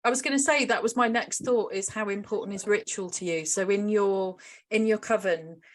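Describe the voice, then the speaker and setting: A woman's voice: medium pitch, normal speed. A woman hosting an interview over a video call, asking questions in a friendly, hesitant way. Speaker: interview host.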